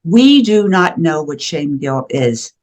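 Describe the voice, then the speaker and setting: A woman's voice: deep voice, very animated, takes it slowly, a little mellow. Earnest older woman, emphatic guest. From USA. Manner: emphatic and earnest, with frequent restarts. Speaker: guest, shame and guilt educator. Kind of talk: conversational interview.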